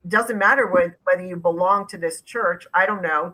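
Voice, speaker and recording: Bright-voiced emphatic woman host. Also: fairly low pitch, moderate pace, few pauses, low-quality recording. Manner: emphatic, sarcastic, indignant. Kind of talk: casual discussion.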